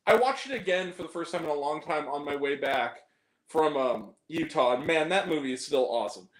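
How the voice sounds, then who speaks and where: A man's voice: fairly high pitch, animated, a little fast. A man hosting a casual chat, joking crudely and laughing often. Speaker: podcast host. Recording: roomy echo.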